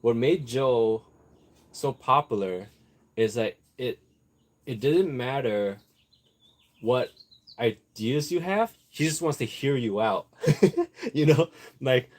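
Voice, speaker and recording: A man's voice: medium pitch, expressive, slow pace, pauses often, a little mellow. Rambling man, casual commentary. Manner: rambling, many fillers and restarts; chuckles often.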